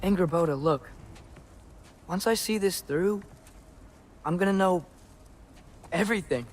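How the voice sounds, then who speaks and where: Atreus, an earnest teenage hero. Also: male voice, high-pitched, unhurried, slight background noise. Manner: earnest, resolute. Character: earnest teenage boy, determined young hero. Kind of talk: video game voice acting.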